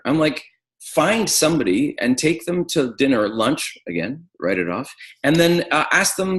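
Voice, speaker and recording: A man teaching an acting webinar, animated, with frequent restarts and fillers. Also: a little high, normal speed, rough recording. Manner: animated, restarts and stacked fillers, drops to quiet reflection. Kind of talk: webinar lecture.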